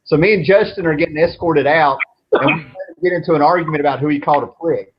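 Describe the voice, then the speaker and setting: A man in his thirties spins long, meandering stories with a laid-back ease and a habit of swearing. His voice sits a bit high for a man. The recording is dull and lo-fi, with a faint noise underneath. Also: fast talker. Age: 30s. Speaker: show host. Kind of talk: casual storytelling chat.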